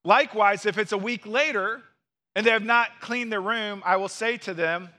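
A male pastor delivering an expository sermon in an earnest, explanatory way. His voice is high and bright. He drops in quick asides to the listeners.

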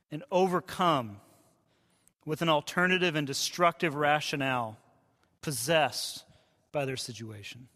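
A man who is a pastor, preaching a sermon in a conversational way and dropping to hushed tones for quoted voices. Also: a little high. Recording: long hall reverb.

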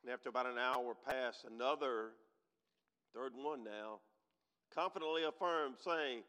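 A man preaching a sermon as pastor, swinging from loud emphatic preaching to quiet, emotional, near-tearful moments. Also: medium pitch, measured pace, smooth. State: emotional, holding back tears. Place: large church sanctuary. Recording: long hall reverb.

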